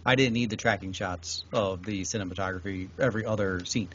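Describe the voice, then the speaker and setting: A man's voice: low voice, steady tone, brisk, a bit bright, highs cut off, a little hiss or hum. A man co-hosting a podcast, chatting casually in an easygoing way. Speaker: podcast co-host. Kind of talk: casual chat reviewing shows.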